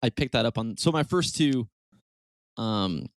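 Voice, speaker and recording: Dude on a podcast, lively voice, dry mic, chill and cussy. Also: male voice, medium pitch, measured pace, no room sound. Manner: laid-back, swears casually. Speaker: podcast co-host. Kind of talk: casual podcast chat.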